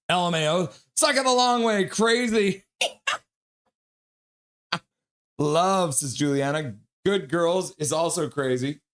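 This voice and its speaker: Man with a high voice, amateur live-stream play-by-play caller, excitable and chatty, reads chat aloud. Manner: excitable, shouts and whoops at goals; chatty, reads viewer comments aloud and laughs. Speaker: live-stream hockey commentator.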